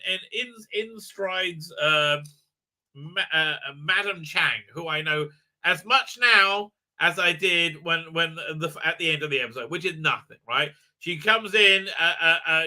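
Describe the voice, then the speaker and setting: A man's voice: fairly high pitch, pushed and bright. A man hosting a livestream review, talking in a sarcastic, rambling way with lots of fillers and tag questions. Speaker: host, reviewer.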